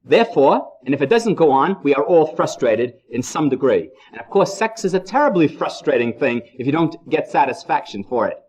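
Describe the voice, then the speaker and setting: A man's voice: on the high side, sing-song, brisk, hardly any pauses, darkish tone, breathy edge. A man giving a humorous lecture to a live audience, a jokey storyteller who repeats phrases for effect, in an old 1960 recording.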